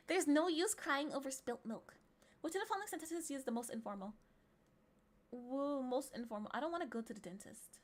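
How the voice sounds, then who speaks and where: A woman's voice: on the high side, animated, moderate pace. A woman livestreaming in casual chat, reading quiz questions aloud in a playful, teasing way. She sometimes drops to murmurs and whispers. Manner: playful and teasing, often breaking into giggles.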